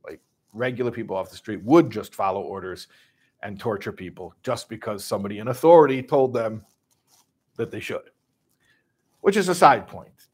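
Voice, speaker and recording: A man from Chicago casually retelling a story, animated and full of restarts, acting out voices. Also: on the low side, normal speed, pauses often, slightly rough. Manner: animated, acts out voices, many restarts and asides.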